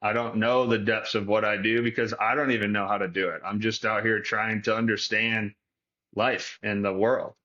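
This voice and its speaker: A man from Detroit muses philosophically as a podcast guest, his voice bright and forceful but held in a flat, even pitch. He thinks aloud in long, winding sentences, and the recording sounds a little dull and lo-fi. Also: normal speed. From Detroit, Michigan. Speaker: guest, performance coach. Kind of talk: reflective podcast conversation.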